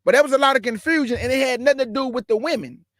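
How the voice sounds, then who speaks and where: A man preaching Bible commentary, emphatic and firing rhetorical questions, reading scripture aloud slowly and deliberately. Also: extremely high pitch, a bit bright, dry recording, studio quality. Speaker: online Bible teacher.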